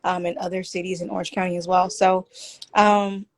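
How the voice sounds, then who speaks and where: A woman author and therapist being interviewed over a video call, speaking softly and hesitantly with many pauses. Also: on the low side, little pitch movement. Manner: soft-spoken, hesitant, many fillers. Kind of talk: casual interview.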